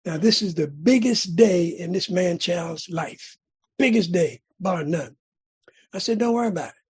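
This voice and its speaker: A man's voice: sits high, slow pace, breathy edge. A middle-aged man from California shares his recovery story at a meeting, as a dramatic storyteller who repeats phrases for emphasis.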